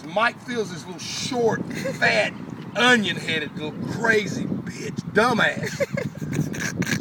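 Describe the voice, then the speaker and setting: A man telling a story in casual, animated talk, cursing and laughing as he goes, recorded outdoors from some distance. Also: high voice, slow pace, gravelly. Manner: animated, profane, laughing often. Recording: far from mic, loud street and car noise.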